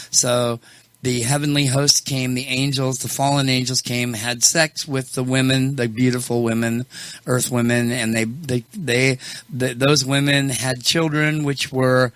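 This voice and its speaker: A male show host chatting casually and telling stories, animated and quick to laugh. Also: medium pitch, dry recording. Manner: laughs often, animated, tells stories with voices. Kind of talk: casual chat and storytelling.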